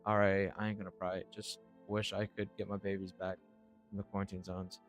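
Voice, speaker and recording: A man's voice: deep voice, level tone, brisk, faint music behind, close to an everyday voice. A man playing a drawling southern matriarch. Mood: folksy. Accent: American Southern, put on. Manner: drawling, syrupy, calls people darling. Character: southern matriarch, older woman, folksy and nosy.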